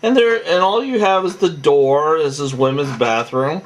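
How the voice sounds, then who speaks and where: A man's voice: a little high, moderate pace. A tired man recapping a reality show in a rambling, casual monologue full of fillers and restarts.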